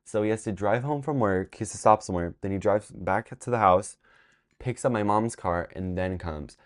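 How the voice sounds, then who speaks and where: A man's voice: lowish voice, normal speed. A young man telling a storytime vlog in a rambling, exasperated way, swearing as he goes. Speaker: vlogger.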